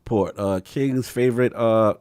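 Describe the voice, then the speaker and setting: A man's voice: mid-range voice, unhurried, smooth, dry recording. A man hosting a gaming podcast, running through news with frequent fillers and hyping up his friends. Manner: lively, hypes friends, reads news with fillers. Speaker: podcast host. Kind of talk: casual podcast news rundown.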